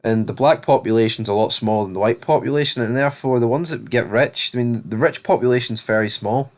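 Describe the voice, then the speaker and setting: A man's voice: medium pitch, fast. A man hosting a casual TV episode review, rambling and blunt with lots of fillers. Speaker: TV review host.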